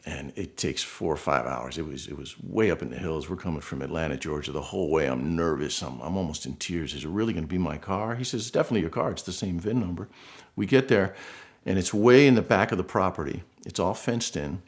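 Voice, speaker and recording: A middle-aged man from Buffalo, New York, tells a personal story in a casual, heartfelt way. His voice sits low, with a gravelly rasp. He slips into lively impressions of the people he quotes. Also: a little fast. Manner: earnest, emotional, animated quotes. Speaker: guest storyteller.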